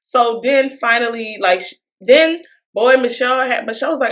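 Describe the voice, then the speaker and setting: A woman's voice: a little high, fairly quick. A woman co-hosting a podcast, casually and animatedly retelling a reality show and acting out what people said, with frequent laughter. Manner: animated storyteller, acting out quotes; laughs often. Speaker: podcast co-host.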